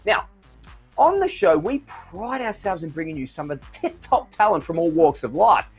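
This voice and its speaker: A man's voice: a little high, big pitch swings, moderate pace, husky, soft background music. A man hosting an online show in a playful, theatrical, jokey way. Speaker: host.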